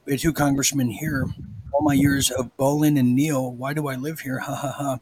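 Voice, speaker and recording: A man's voice: mid-range voice, level tone, normal speed, darkish tone, breathy edge, dry recording, low-quality recording. Chatty male live-stream host. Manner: chatty, reads viewer comments aloud. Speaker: show host. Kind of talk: casual live-stream chat.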